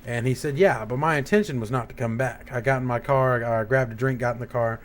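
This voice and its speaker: A young man of ordinary pitch hosts his gaming channel and tells a rambling story about a bad job. He swears freely and works himself into a heated rant. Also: brisk, a little hiss or hum. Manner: profane, rambling, heated retelling. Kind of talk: casual ranting storytime.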